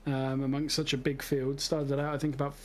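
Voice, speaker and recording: A man's voice: medium pitch, monotone, brisk. A man hosting a racing livestream, interviewing a driver with chatty, friendly banter. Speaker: stream host, interviewer.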